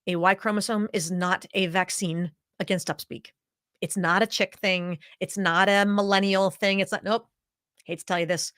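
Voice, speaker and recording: A woman coaches leaders in an emphatic, deliberate presentation, slowing down and demonstrating speech habits to make her points. Her voice sits at an ordinary middle pitch for a woman. It is recorded close and dry, with no room echo. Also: fairly even intonation, a bit bright, clean tone. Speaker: executive voice coach.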